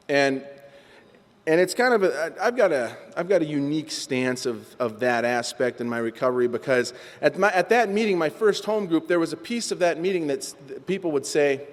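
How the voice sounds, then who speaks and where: At a meeting, a man with a fairly high voice tells his recovery story in a lively, self-deprecating way. He speaks into a podium microphone, and his voice echoes with long reverb through a large meeting hall.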